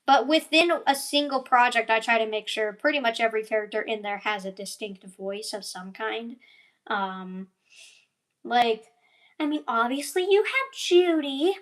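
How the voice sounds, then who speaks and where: A woman's voice: on the high side, unhurried, a bit bright. A young woman chatting casually in a rambling vlog, full of fillers and side tangents, yawning now and then. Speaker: animator and voice actor.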